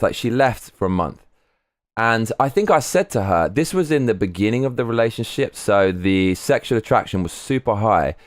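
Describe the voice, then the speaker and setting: A man's voice: on the low side, no echo, studio quality. A man chatting on a live stream, candid and rambling, swearing freely. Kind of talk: casual live-stream chat.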